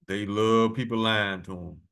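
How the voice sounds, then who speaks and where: A man reading scripture verses slowly and adding blunt, profane commentary between them. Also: fairly low pitch, steady tone, gravelly, a bit bright, clear, resonant tone. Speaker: preacher.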